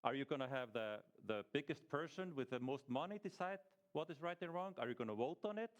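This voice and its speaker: A man's voice: medium pitch, animated, brisk. A man giving an informal teaching talk to a small church group, conversational, asking the group questions as he goes and often restarting his sentences.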